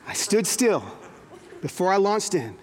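A man's voice: sits high, a little slow, very noisy. A man in his forties preaching a sermon as a pastor, telling stories with acted-out quotes. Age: 40s. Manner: animated storytelling with acted-out quotes.

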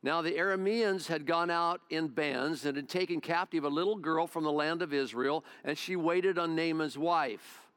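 A man's voice: a little high, normal speed, hardly any pauses, a bit bright, clear, resonant tone. Folksy, chatty male pastor. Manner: conversational storytelling, folksy. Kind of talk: sermon.

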